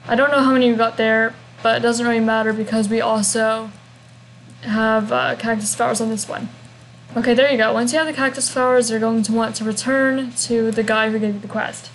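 A woman's voice: fairly high pitch, fairly even intonation, brisk, slight background noise, rough recording. Chatty young woman narrating a game walkthrough. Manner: chatty and rambling, with humming fillers.

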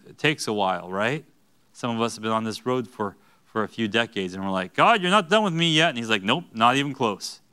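Bright, clear-voiced man preaching a sermon. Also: on the low side. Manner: earnest, rising to emphatic bursts. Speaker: pastor. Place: church.

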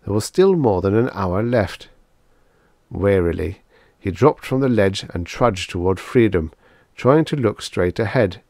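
Man, audiobook narrator, low voice, lively intonation, dry close sound, expressive reading. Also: a little slow, no echo. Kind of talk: scripted narration of vintage science fiction.

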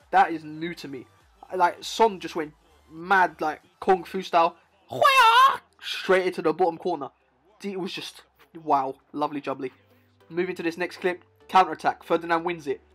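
A young man giving hyped, playful commentary over football game clips, talking straight to the viewer. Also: high-pitched. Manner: excitable, playful, talks to the viewer. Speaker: gaming YouTuber.

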